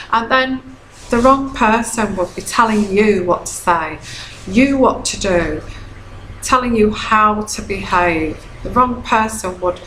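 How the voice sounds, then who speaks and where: A woman's voice: mid-range voice, a bit bright, a little hiss or hum. Chatty woman in an echoey room. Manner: chatty, repeats herself, frequent "okay?" checks. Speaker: tarot reader. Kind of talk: casual advice monologue.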